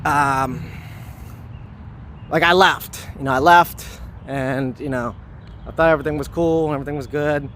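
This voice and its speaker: A man speaks in a somewhat high register, rambling earnestly through a personal story. Soft traffic hums faintly behind him outdoors. He hurries along, leaning on "you know" and "like" as he goes. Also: fairly even intonation. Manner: hurried, wanting to finish quickly. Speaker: vlogger telling a personal story. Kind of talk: casual spoken recollection.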